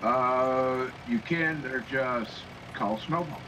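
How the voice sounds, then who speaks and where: A man's voice: mid-range voice, takes it slowly, sharp tone, slight background noise, poor audio. A man chiming in with short, laid-back remarks in casual voice chat during a game.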